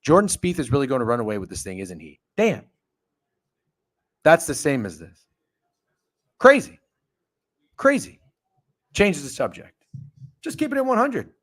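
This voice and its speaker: A man's voice: mid-range voice, moderate pace, pauses often. A man hosting a casual sports betting talk show, ranting and swearing. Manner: profane, ranting, animated. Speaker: podcast host.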